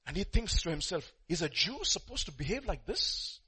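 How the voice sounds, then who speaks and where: Husky bright-voiced guy preaching, storytelling, loud bursts then quiet. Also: high-pitched, big pitch swings, brisk, few pauses. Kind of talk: sermon.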